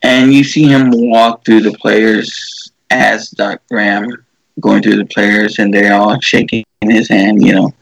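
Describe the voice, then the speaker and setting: Gravelly low-voiced man, rambling movie talk. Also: flat delivery, slow, no echo, poor audio. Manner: rambling, many fillers and restarts, acts out quotes. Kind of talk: casual chat, retelling a movie.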